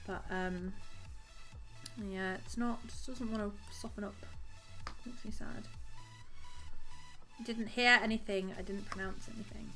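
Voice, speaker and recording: A woman's voice: medium pitch, steady tone, measured pace, long pauses, bright, forceful tone, soft background music. A woman live-streaming as she crochets at home, chatting casually and giggling, and counting her stitches aloud.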